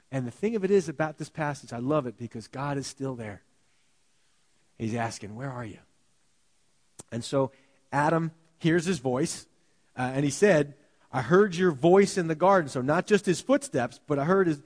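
A male pastor giving a sermon, talking casually and animatedly, often dropping to a hushed voice. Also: a little high, moderate pace, long reverb tail. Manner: animated, conversational preaching with sudden quiet drops. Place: church sanctuary.

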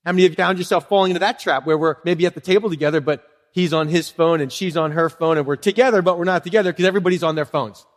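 Animated man preaching in an echoing hall. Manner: animated, acts out little dialogues with swooping pitch. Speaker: pastor. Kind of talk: sermon.

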